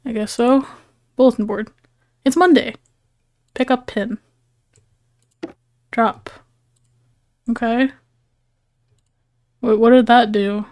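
A woman's voice: on the high side, slow pace, long pauses, darkish tone. Wry woman commenting on a game. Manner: wry and joking. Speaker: gaming streamer. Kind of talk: casual gameplay commentary. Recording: game music behind.

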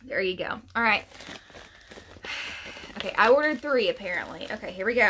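A woman's voice: medium pitch, expressive, normal speed, pushed and bright, slight background noise. A woman vlogger chatting casually through an unboxing, gushing and laughing often.

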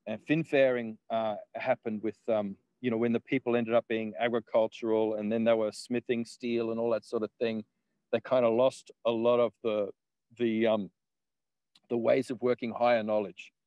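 A man's voice: medium pitch, level tone, moderate pace, smooth, no room sound, highs cut off. A man, a guest in casual conversation, rambling with laughs and the odd swear word.

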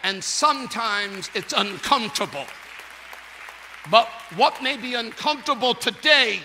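A male pastor preaching a sermon in a storytelling way, building up to shouting. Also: high-pitched, a little hiss or hum. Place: church sanctuary. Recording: long reverb of a large church.

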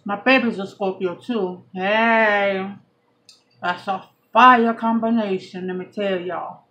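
A woman with a Southern US accent, chatting and eating on camera in a laid-back, slangy way. Her voice sits at an ordinary middle pitch for a woman. The camera audio is a little dull and lo-fi. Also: fairly even intonation, slow pace, bright, forceful tone. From Brooklyn, New York. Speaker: mukbang vlogger. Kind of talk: casual mukbang chat while eating. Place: at home by a window.

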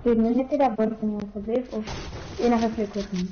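An Afrikaans-speaking woman chatters excitably through a game stream. Her voice sits high and bright in pitch. The recording is dull and lo-fi, with a faint hiss underneath. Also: a little fast. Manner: excitable, switches between Afrikaans and English. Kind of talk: casual gaming commentary.

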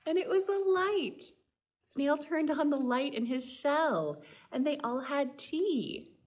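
A woman, a children's librarian, reading a picture book aloud and asking the children gentle questions. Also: high-pitched, animated, takes it slowly. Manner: gentle, talks directly to children. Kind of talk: storytime read-aloud.

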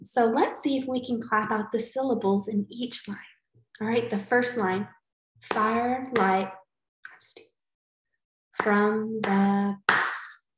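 A woman teacher giving a recorded poetry lesson to young students, cheerful and slow, clapping out syllables and sometimes whispering. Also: on the high side, fairly even intonation, echoey room, low-quality recording. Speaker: elementary school teacher.

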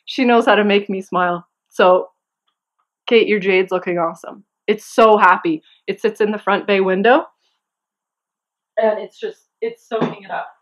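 Chatty giggly woman knitting podcaster. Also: medium pitch. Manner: chatty, giggly, excitable asides. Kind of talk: casual chat to camera. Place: home.

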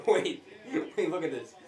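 A man's voice: high voice, mellow. A young man playing a football video game, teasing his opponent and laughing constantly. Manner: giggly, teasing, laughs a lot. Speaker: gamer co-host. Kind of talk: casual gameplay banter. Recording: echoey room.

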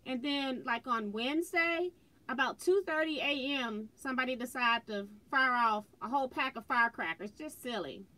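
A woman's voice: high-pitched, normal speed, sharp tone. A woman hosting a quilting livestream from home, chatting casually and greeting viewers by name as she reads their comments on a phone. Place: indoors at home, fireworks outside.

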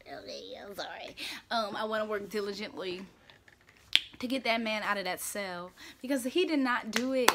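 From a room at home, a young woman hosts her own casual talk show with slight background noise behind her. Her voice is mid-range and fairly bright, and she comes across chatty, playful and opinionated, leaning on slang and filler words.

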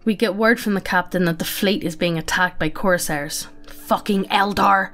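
A woman's voice: mid-range voice, normal speed, a bit bright, soft background music. A woman narrating a sci-fi story aloud in a matter-of-fact, casual way, often breaking into laughter.

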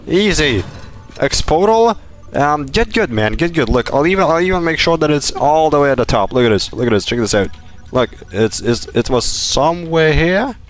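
A man's voice: on the high side, animated, a little fast. A man streaming live gameplay, talking playfully and boastfully to his chat and teammates. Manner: playful, boastful, bursts into laughs and shouts.

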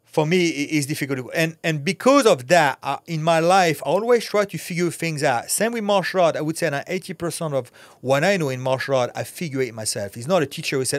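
A man's voice: on the high side, a little fast, few pauses, dry recording. A middle-aged man, an actor and former fighter, talking candidly as a podcast guest in a blunt, intense way and swearing freely. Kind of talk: candid podcast interview talk.

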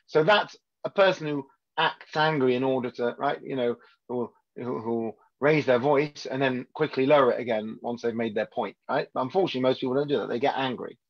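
A man teaching a weekly Torah class as a rabbi, in a conversational way, often checking in with his listeners. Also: medium pitch. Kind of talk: informal Torah lesson. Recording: dull lo-fi sound.

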